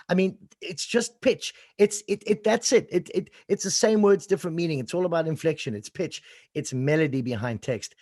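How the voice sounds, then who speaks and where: A man's voice: on the high side, moderate pace, hardly any pauses, darkish tone, no room sound, clean studio sound. An exuberant man with a South African accent, a voice-over coach answering interview questions and acting out sample reads. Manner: exuberant, sings out sounds and demonstrates reads.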